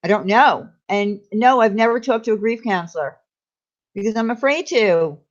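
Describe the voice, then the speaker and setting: A woman's voice: on the high side, normal speed. Candid woman chatting live, lo-fi. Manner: candid, confiding, reads out viewer names. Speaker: live stream host. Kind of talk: casual live chat with viewers.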